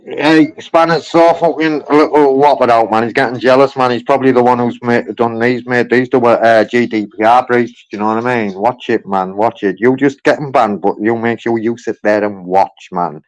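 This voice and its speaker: A man's voice: medium pitch, fairly even intonation, normal speed, few pauses, poor audio. A man chatting casually on a livestream, rambling, swearing freely and talking back to his chat. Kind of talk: casual live-stream chat.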